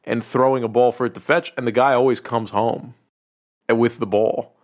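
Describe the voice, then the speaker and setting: A man in casual podcast chat, telling a story with plenty of swearing. His voice sits at an ordinary middle pitch, and he keeps hopping up high to act out the lines he quotes. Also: fairly even intonation, moderate pace. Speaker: podcast co-host. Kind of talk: casual chat, movie recap.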